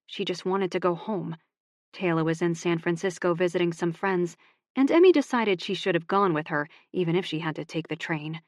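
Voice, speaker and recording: A woman narrating a romance audiobook in a calm, even voice on a close studio mic. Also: on the low side, no echo.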